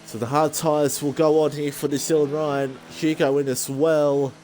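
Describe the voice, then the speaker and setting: A man commentating a sim racing league race, excitable and self-deprecating, his voice jumping high when battles get close. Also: normal speed, a little hiss or hum.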